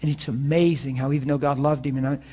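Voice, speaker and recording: A pastor with a dark, slightly rough mid-range voice talks fast, his pitch barely moving. In an informal sermon for students in the room and online, he tells personal stories in an earnest, conversational way and then closes with a prayer.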